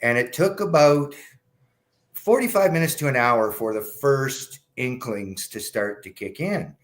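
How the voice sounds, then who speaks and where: A man's voice: lively intonation, unhurried. A middle-aged man, a radio show guest, telling a personal story in a blunt, candid way, swearing freely. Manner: candid and blunt, swears, acts out dialogue with rising pitch. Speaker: guest, cannabis patient advocate.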